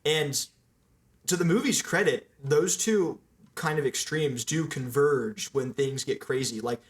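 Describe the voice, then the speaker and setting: A man co-hosting a casual amateur film podcast, going through points in a measured way. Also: on the high side. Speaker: podcast co-host. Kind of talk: casual chat.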